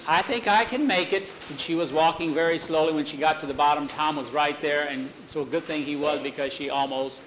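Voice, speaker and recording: A man's voice: fairly high pitch, little pitch movement, fairly quick, hardly any pauses, a little hiss or hum, low-quality recording. A man telling a homespun story aloud, rambling with fillers and doing the voices himself. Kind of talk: unscripted oral storytelling.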